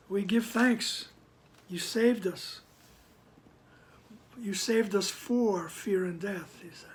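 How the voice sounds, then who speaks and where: A man reads a spiritual text at an unhurried, measured pace and pauses to comment on it. His delivery is deliberate, and some phrases sink to a soft whisper. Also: high voice, slight background noise. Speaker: spiritual text reader and teacher. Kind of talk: slow devotional reading with commentary.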